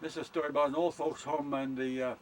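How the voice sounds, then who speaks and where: A man's voice: fairly high pitch, little pitch movement, a little hiss or hum, low-quality recording. Older man telling folksy jokes. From Canada. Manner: rambling, unhurried delivery with frequent uh fillers. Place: outdoor campsite in summer. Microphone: camcorder held by his wife.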